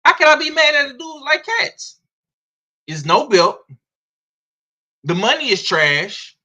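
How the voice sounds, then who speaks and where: A man with a Southern US accent giving blunt, slangy, profane boxing commentary in a casual, animated way. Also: very high-pitched, slow pace.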